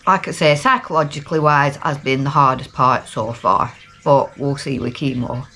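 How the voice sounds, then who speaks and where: A woman's voice: a bass voice, normal speed, sharp tone, slight background noise. A middle-aged woman from Lancashire with a Lancashire accent, talking casually and rambling in a down-to-earth video diary. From Lancashire, England. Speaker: vlogger.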